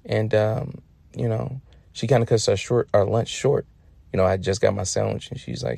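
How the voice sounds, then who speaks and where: A man's voice: fairly low pitch, fairly even intonation, normal speed, creaky, mellow. A man telling funny stories casually, profane and slangy, laid-back with lots of fillers. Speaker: storyteller. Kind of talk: casual comic storytelling.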